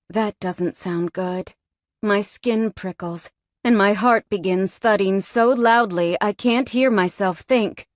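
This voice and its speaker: A woman's voice: medium pitch, slow, dry recording. A woman narrating a first-person audiobook in a tense, frightened tone, recorded close on a studio mic.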